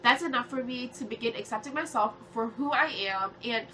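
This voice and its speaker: A nasal young woman in her twenties, close to tears, venting heatedly to her camera. Her voice is bright and a little high for a woman, full of swearing and restless filler words. A faint hiss sits under the recording. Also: a little fast. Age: 20s. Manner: heated, swearing, rambling with many "like"s. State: tearful. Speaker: vlogger. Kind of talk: emotional rant to camera.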